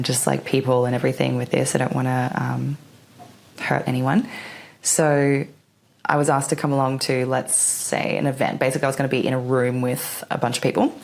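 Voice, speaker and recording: A woman's voice: low-pitched, creaky, darkish tone. A woman talking casually to camera about spiritual matters, laughing often, swearing lightly, and acting out her own remarks. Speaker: spiritual vlogger.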